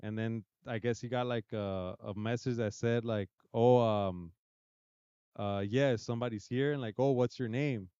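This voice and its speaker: A man's voice: mid-range voice, fairly even intonation, normal speed, dark tone, smooth, no echo, highs cut off. Rambling bilingual man telling a spooky story. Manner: rambling, swearing, mixing English and Spanish. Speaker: podcast co-host. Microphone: podcast mic.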